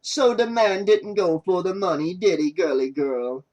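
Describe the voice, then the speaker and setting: Lazy teasing stoner cameraman with a put-on jamaican drawl, man voicing him, pitched a little higher, audiobook. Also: unhurried, a little mellow, dull audio. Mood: laid-back teasing. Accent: overdone fake Jamaican. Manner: lazy, teasing, calls everyone darling. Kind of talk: audiobook character voice.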